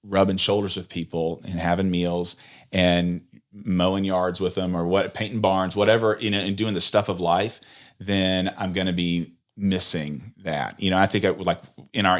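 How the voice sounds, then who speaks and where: A man's voice: sits low, steady tone, moderate pace. A man co-hosting a casual church podcast, reflecting thoughtfully and thinking aloud. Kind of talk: casual conversation.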